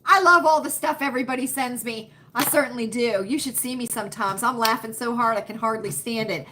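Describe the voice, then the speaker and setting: A woman's voice: fairly high pitch, brisk, background noise. A woman hosting a casual live chat from home to her viewers on a computer webcam, folksy and chatty, repeating her phrases for emphasis. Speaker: livestream host.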